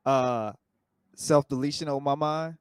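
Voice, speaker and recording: A man's voice: medium pitch, fairly even intonation, measured pace, smooth, no room sound. A man on a discussion panel, blunt and crude, cracking jokes.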